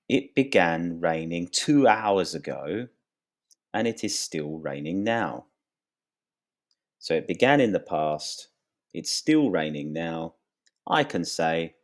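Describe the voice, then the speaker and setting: A man teaching an English grammar lesson, speaking slowly and clearly and lifting his voice on questions. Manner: slow, clear and lively, rising pitch on questions.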